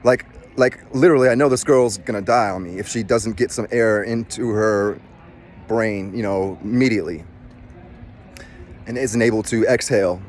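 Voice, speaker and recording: A man's voice: on the low side, normal speed, a little hiss or hum. A middle-aged man, a former Marine, telling a personal story in casual, rambling speech with many restarts. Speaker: former Marine recounting a rescue.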